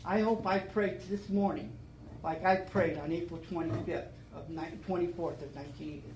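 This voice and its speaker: A man's voice: fairly high pitch, steady tone, moderate pace, echoey room, noisy background. An older man giving an emotional recovery talk at a meeting, stumbling and restarting as he tells his story. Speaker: AA speaker.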